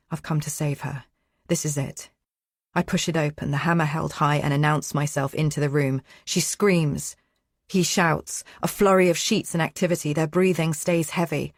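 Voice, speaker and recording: A woman's voice: low voice, no echo, clean studio sound. A woman narrating a first-person audiobook in a tense, anxious way.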